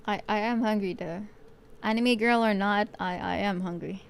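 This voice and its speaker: This vtuber's voice is mid-range, creaky yet clean in tone, at a moderate pace. She paints on stream, chatting playfully with her audience, swearing casually, and thinking aloud to chat.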